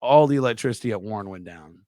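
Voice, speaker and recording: A young adult man telling a profane, animated story on a podcast, acting out sound effects as he goes. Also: on the low side, quick pace, dry recording, studio quality. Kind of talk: casual storytelling.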